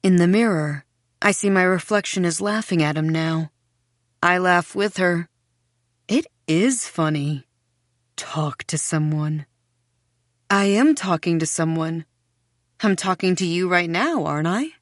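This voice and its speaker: A woman reading a first-person mystery audiobook in a dreamy, unhurried, faintly unsettling way. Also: lowish voice, no room sound, studio quality. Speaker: audiobook narrator.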